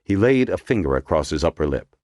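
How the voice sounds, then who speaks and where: A low-pitched man narrates an audiobook, his storytelling measured and expressive. The studio recording is clean, with no room sound.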